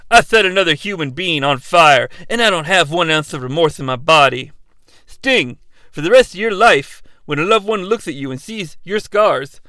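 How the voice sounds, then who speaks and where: A man doing an impression of a menacing male wrestler villain, speaking in slow, low, brooding threats. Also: sharp tone, dry recording.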